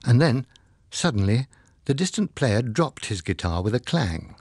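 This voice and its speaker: A man narrating a novel in a measured, expressive storytelling manner. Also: mid-range voice, slightly rough, no room sound, studio quality. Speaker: audiobook narrator. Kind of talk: scripted narration.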